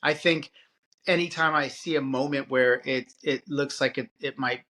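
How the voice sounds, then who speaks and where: A man co-hosting a parenting podcast, talking casually and in an animated way, often restarting his sentences. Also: medium pitch. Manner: animated, halting with restarts and filler. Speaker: podcast co-host. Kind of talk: casual conversation.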